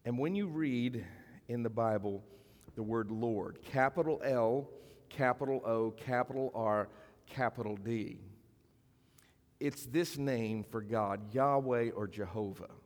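A pastor preaching in a reverberant hall. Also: male voice, medium pitch, a little mellow. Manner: conversational preaching, slows for emphasis, drops to near whisper. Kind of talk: sermon. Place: church sanctuary. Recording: long reverb of a church hall.

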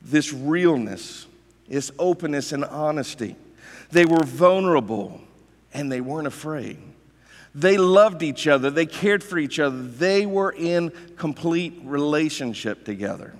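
A man preaching with a somewhat high voice. He talks conversationally and with emphasis, tells stories and throws rhetorical questions at the listeners. His voice rings out in a hall with a long echo. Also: animated, measured pace. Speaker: pastor. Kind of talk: sermon.

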